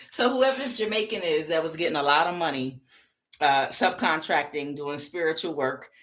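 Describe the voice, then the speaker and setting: A woman's voice: sits low, moderate pace, fairly bright tone. A woman doing a casual tarot reading to camera, chatty and punctuating her points with "okay". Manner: chatty, frequent "okay" checks, laughs at herself. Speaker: tarot reader.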